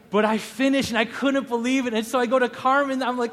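A man in his thirties preaching a sermon, telling a personal story with animated, acted-out quotes. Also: extremely high pitch, moderate pace, few pauses, long reverb tail. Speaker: pastor.

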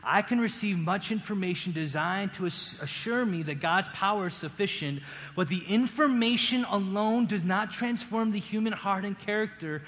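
A man preaching a sermon as pastor, earnest, rising to emphatic peaks and dropping to hushed appeals. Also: high voice, normal speed. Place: church sanctuary. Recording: long hall reverb, faint room ambience.

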